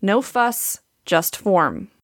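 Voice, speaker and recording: A woman with a Wisconsin accent hosts a history podcast, reading a scripted story and dropping in wry, chatty remarks. Her pitch sits in a middle range for a woman. The recording is close and dry, with no room sound. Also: very animated, drawn-out words, dry recording. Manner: conversational, wry asides. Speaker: podcast host. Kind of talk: scripted history narration with asides.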